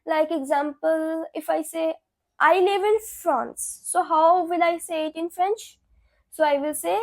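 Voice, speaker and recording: A young woman teaches beginner French at a very slow, careful pace, saying every phrase twice. Her voice sits very high. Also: a little mellow. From India. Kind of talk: beginner language lesson.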